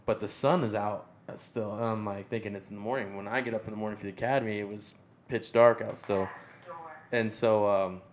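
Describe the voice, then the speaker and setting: A man co-hosting a firefighter podcast, telling an animated story in casual chat. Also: lowish voice, a little fast. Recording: slightly dull sound with faint noise.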